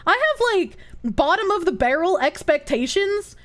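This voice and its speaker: A woman's voice: very high voice, expressive, moderate pace, a bit bright. A woman livestreamer chatting casually, reading chat, giggling often and swearing freely.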